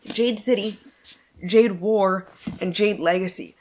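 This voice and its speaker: A woman's voice: medium pitch, slow pace, darkish tone, slight background noise. A woman chatting casually about books for a vlog at home, scattered and jumping between thoughts, swearing freely and laughing often. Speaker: book vlogger. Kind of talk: casual book wrap-up chat.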